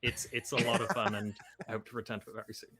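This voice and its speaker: A man who plays and hosts a podcast, speaking in a measured, thoughtful, hedging way. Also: lowish voice, little pitch movement, background noise. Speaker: podcast host and player. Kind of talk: casual chat.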